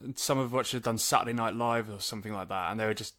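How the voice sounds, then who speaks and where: A man's voice: fairly low pitch, fast, a bit bright. A man co-hosting a podcast in casual chat, telling stories in a dry, wry way. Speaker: podcast co-host.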